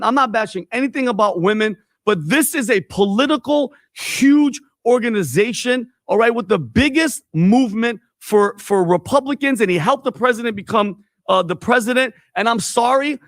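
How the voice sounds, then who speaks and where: A man speaks on a panel in a played clip, blunt and insistent as he pushes his point. His voice is unusually high for a man. The recording is dry and close. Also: fairly bright tone, no room sound. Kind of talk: opinionated panel talk.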